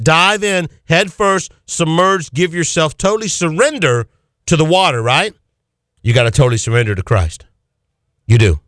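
Male radio preacher host, fervent, exclamatory, fairly high voice, dry close sound. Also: fairly bright tone, no room sound. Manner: fervent, exclamatory, rhetorical questions.

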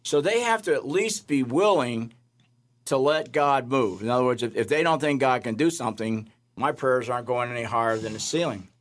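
Male chaplain guest, mid-range voice, animated storyteller who voices the people in his stories. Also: mid-range voice, normal speed. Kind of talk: storytelling testimony.

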